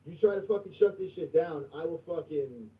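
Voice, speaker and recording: A man hosting a livestream in casual chat, crude and profane, going from mumbling to loud outbursts. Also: fairly high pitch, a little fast, distant mic. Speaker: livestream host. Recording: tinny phone-like sound from off mic.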